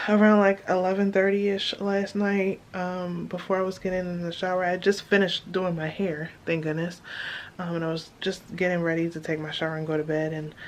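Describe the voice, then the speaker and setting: This woman's lowish voice carries a little hiss or hum as she vlogs an update in a casual, filler-heavy way. She is breathless, speaking from a car and later from a hospital room.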